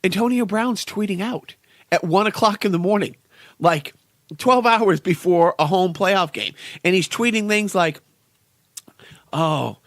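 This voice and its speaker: A man's voice: high voice, moderate pace, a bit bright, no room sound, clean studio sound. A man co-hosting a podcast, rambling through casual sports chat and repeating his words as he goes. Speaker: podcast co-host.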